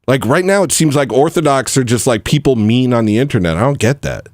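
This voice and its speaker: A man hosting a casual livestream, ranting and swinging from low mumbles to loud outbursts. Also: expressive, brisk, dry recording, studio quality. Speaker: livestream host.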